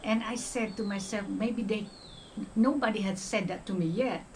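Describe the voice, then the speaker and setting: A woman's voice: medium pitch, moderate pace, darkish tone, slight background noise, rough recording. An older woman from the Philippines with a Filipino accent, talking in a casual vlog monologue and often checking in with "okay?". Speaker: retired nurse vlogger.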